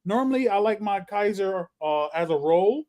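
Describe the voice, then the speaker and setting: A man co-hosting a casual podcast chat, animated and joking, breaking into loud announcer-style bursts. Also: high-pitched, moderate pace. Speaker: podcast co-host.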